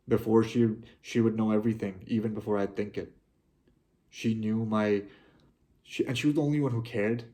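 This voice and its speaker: A young man talking to his viewers, heartfelt and halting, often restarting his sentences. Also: fairly low pitch, darkish tone. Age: young adult. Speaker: vlogger. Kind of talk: personal reflective monologue.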